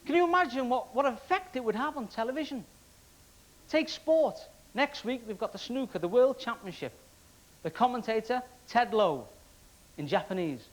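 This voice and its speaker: A man's voice: extremely high pitch, expressive, normal speed, poor audio. A man from Wales performing a stand-up comedy routine with punchy joke delivery. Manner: punchy joke delivery, laughing along with the crowd. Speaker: comedian contestant.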